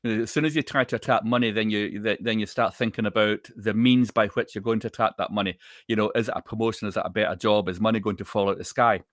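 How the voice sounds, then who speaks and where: A man co-hosts a live online chat, talking quickly in a fairly low voice. He explains his ideas steadily and circles back on his phrases for emphasis. His voice sounds dry and close to the mic. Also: fairly even intonation, fairly bright tone, no room sound. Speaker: co-host, intuitive reader. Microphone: live online video call.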